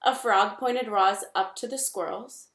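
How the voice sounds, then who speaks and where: Woman reading a storybook aloud. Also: medium pitch. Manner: expressive, measured narration. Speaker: reader. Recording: echoey room.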